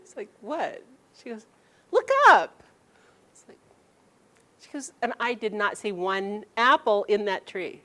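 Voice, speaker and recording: Woman, middle-aged, storytelling to an audience, animated, laughs often. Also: medium pitch, normal speed. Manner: animated, laughing, quoting her mother in lively bursts.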